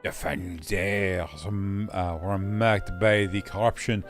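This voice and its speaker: A young man playing a game with friends, reading story dialogue haltingly with fillers and slips. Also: low voice, fairly even intonation, soft background music. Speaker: co-player. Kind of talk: casual gaming banter and dialogue reading.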